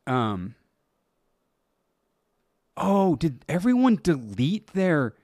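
A man's voice: fairly high pitch, big pitch swings, very slow, long pauses, no room sound, clean studio sound. A middle-aged man hosting his podcast alone, telling a story in a casual, incredulous way, swearing and laughing at his own story. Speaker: podcast host. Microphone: close podcast mic.

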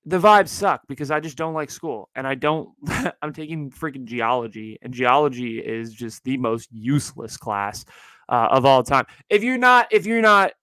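A young adult man hosting his own podcast from his parents' house, chatting casually in an energetic, slangy way. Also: medium pitch, moderate pace, no room sound, poor audio. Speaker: podcast host. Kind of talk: casual chat.

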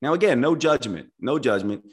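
A man talks on a podcast in a reflective, earnest way, breaking his thoughts into clear steps. His pitch moves freely up and down as he explains. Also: animated, normal speed. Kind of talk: casual podcast conversation.

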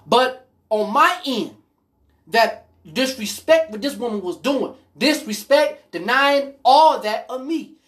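Woman podcast host, casual monologue, lively higher voice, blunt and profane. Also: takes it slowly. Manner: blunt, profane, animated storyteller.

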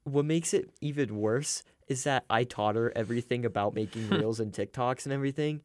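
A young man co-hosting a casual sports podcast, chatty and quick to laugh, with lots of fillers. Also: medium pitch, darkish tone. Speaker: podcast co-host.

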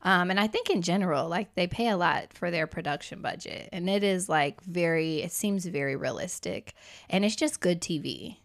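A woman's voice: on the low side, normal speed. A woman in her twenties co-hosting a podcast, chatting playfully and expressively with frequent giggles. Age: 20s. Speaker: podcast co-host. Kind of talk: casual chat.

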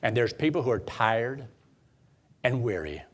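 A man's voice: medium pitch, big pitch swings, a little slow. A man preaching a sermon, quoting scripture in old-style wording and repeating phrases for emphasis.

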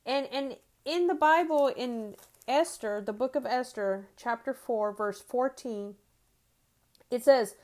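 A woman's voice: fairly high pitch, slow pace, a little mellow. Chatty woman teaching on a faith podcast. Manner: conversational, frequent "right?" and restarts. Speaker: podcast host.

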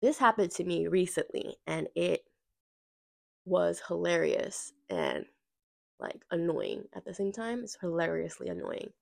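A woman's voice: lowish voice, measured pace, creaky. Woman on a podcast going off about work stuff, sassy, swears a lot, acts out the quotes. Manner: sassy, profane, dramatic; lively storytelling with acted-out quotes. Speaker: podcast host. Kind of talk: casual ranting monologue.

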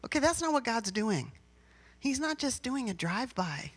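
A woman's voice: a little high, big pitch swings, moderate pace, husky. Conversational woman pastor preaching. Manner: personal and conversational, with emphatic rises. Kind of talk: sermon.

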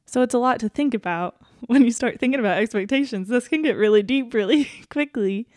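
A woman co-hosting a casual faith podcast, earnest and quick to laugh, who reads scripture aloud. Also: fairly high pitch, darkish tone, dry recording, studio quality. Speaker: podcast co-host.

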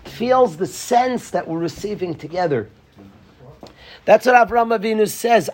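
A man's voice: sits high, animated, normal speed, a little mellow. A man giving an informal, joking Torah talk to a small group, repeating his key phrases with animation. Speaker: Torah teacher.

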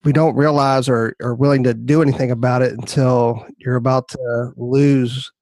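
A man's voice: mid-range voice, flat delivery, moderate pace, darkish tone, no room sound. Man interviewer in a dry room. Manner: brief affirming responses, follow-up questions. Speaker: host. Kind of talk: interview conversation.

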